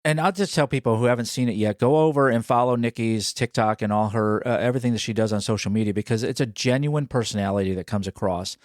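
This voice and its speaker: A man's voice: mid-range voice, no echo, studio quality. A man hosting a podcast, asking questions in a friendly, encouraging way. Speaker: podcast host. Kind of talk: casual interview chat.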